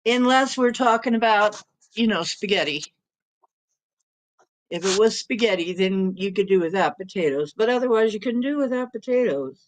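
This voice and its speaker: A woman's voice: mid-range voice, moderate pace. A middle-aged woman hosting a live stream in casual chat, rambling and chuckling often as she reads comments and talks to her cat.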